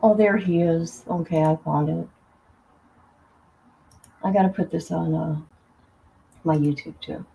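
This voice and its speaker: A woman's voice: low-pitched, fairly even intonation, a little slow, gravelly, long pauses, mellow, rough recording. A woman hosting a casual livestream, chatting loosely and greeting her viewers by name as she talks. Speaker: livestream host.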